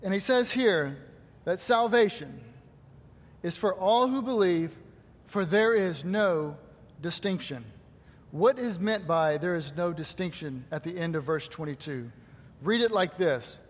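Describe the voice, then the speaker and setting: A man's voice: sits high, moderate pace. A male pastor preaching a sermon to his congregation, asking rhetorical questions and quoting scripture. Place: church hall. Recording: long hall reverb.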